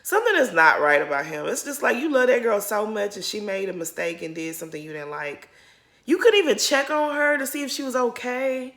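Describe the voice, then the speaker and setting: A woman's voice: medium pitch, animated, fairly quick, vocal fry, a bit bright. A woman giving a casual, candid recap of a reality show episode, talking straight to her viewers. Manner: chatty, addresses viewers as y'all; candid, openly emotional. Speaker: reality TV commentary YouTuber. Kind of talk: casual recap commentary to camera.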